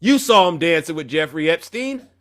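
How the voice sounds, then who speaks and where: A man's voice: fairly high pitch, expressive, moderate pace. A man hosting a live stream with a confrontational, preachy manner, calling out viewers in chat. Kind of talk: heated political live stream rant.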